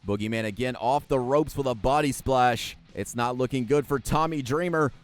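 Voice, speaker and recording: A man's voice: medium pitch, normal speed, soft background music. A man giving play-by-play wrestling commentary over a video game, sarcastic and jokey and swearing freely. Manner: jokey, laughs at what he describes.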